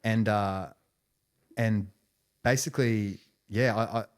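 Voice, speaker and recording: A man with a lowish voice speaks as a podcast guest. He tells his story casually, rambling and restarting phrases as he goes. His speech is dotted with "you know" and "right". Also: fairly even intonation, takes it slowly, smooth.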